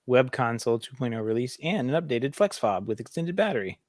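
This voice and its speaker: A man's voice: mid-range voice, very animated, fairly quick, dry recording, clean studio sound. A man co-hosting a home tech podcast, easygoing and wry in casual chat. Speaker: podcast co-host.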